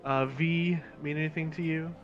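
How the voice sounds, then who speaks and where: A man's voice: on the high side, steady tone, moderate pace, muffled recording. A man playing in a tabletop game over a voice call, speaking hesitantly with frequent uhs. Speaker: player.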